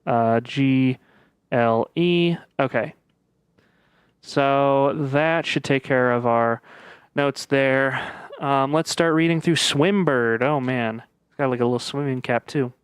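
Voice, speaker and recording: A man giving casual let's-play commentary as he plays a puzzle game, thinking aloud with frequent pauses and fillers. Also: mid-range voice, smooth, no room sound. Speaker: gaming video creator.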